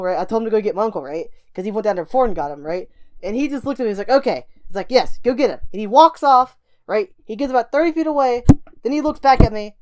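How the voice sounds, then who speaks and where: A young woman rambles quickly through a casual story time for her vlog, checking in with "right?" after nearly every thought. Her voice is smooth and clear, and she is still recovering from a broken ankle. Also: medium pitch. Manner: rambling, fast, lots of "right?" and "like". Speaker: vlogger.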